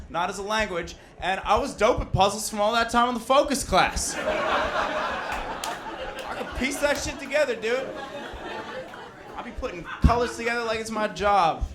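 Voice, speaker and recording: A man's voice: high-pitched, animated, normal speed, background noise. A young adult man performing a brash, profane stand-up set and working the crowd. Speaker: stand-up comedian. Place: basement of a loud bar. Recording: live crowd in a bar basement. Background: laughing audience.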